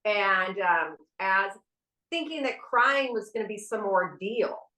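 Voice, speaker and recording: Podcast co-host, woman, middle-aged, candid and salty, bright tone, roomy echo. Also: medium pitch, lively intonation, takes it slowly. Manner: candid, frank, swears casually. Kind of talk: casual spiritual podcast chat. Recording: echoey room.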